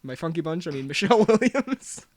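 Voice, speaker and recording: A young man co-hosting a podcast, rambling through quick reviews with self-mocking jokes and frequent laughs. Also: on the high side, very animated. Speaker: podcast co-host. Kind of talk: casual chat, quick reviews.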